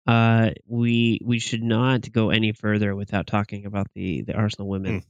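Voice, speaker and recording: A man co-hosting a podcast, giving halting opinions on football with many restarts. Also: fairly low pitch, dry recording, lo-fi sound. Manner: halting, restarts often, flat delivery. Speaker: podcast co-host. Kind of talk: casual sports chat.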